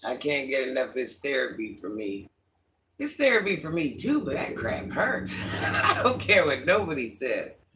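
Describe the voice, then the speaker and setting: A middle-aged man chatting casually on a livestream, greeting viewers by name and answering their comments in an animated way. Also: a little high, normal speed. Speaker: livestream host.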